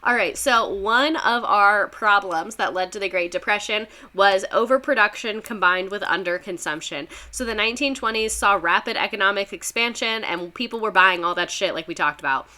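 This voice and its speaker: Woman with a missouri accent, bright voice, casual history lesson, swears freely, chats with viewers. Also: mid-range voice, moderate pace, few pauses. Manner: profane, chatty, with asides to the chat. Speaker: former teacher explaining history.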